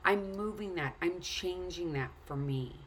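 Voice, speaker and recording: A woman's voice: on the low side, a little slow, a little hiss or hum. A woman telling a story and earnestly urging the listener to take care of themselves. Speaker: speaker. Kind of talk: casual motivational talk.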